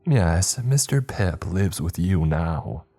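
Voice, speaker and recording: Man doing a high sing-song closet clown Mister Pip. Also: expressive, takes it slowly, dark tone, soft background music, heavily acted. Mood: cheery. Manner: high-pitched sing-song, refers to himself by name. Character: sing-song clown spirit in a closet, cheery but menacing.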